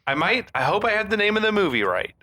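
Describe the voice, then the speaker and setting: A man's voice: sits high, very animated, fast, sharp tone. A man co-hosting a podcast, laid-back and quippy, laughing often while talking through a film. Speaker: podcast co-host. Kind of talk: casual movie recap chat.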